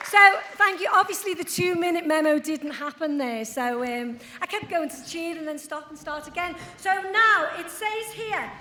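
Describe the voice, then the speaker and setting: A woman's voice: very high voice, animated, normal speed, few pauses, sharp tone, slight background noise. A woman compering a live cabaret with chatty, self-deprecating patter. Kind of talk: casual stage patter. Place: large old church used as a cabaret venue. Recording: echoey church hall, room mic.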